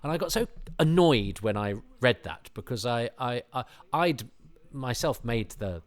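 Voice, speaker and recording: A man hosting a podcast, giving rambling, self-deprecating commentary with animated asides. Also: mid-range voice, measured pace. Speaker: podcast host. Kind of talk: casual commentary.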